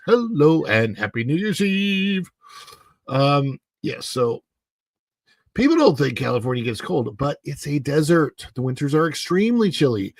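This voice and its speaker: A man's voice: fairly high pitch, big pitch swings, a little slow, dry recording. A man hosting a solo livestream, giving emphatic, opinionated commentary with frequent halts and restarts. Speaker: host.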